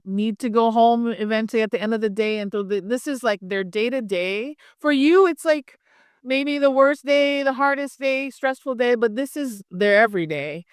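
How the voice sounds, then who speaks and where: A woman's voice: medium pitch, smooth, dry recording, studio quality. A woman from Hawaii, an actress, chatting casually in an interview with lots of "like" and "um". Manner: friendly, chatty, many fillers like "like" and "um".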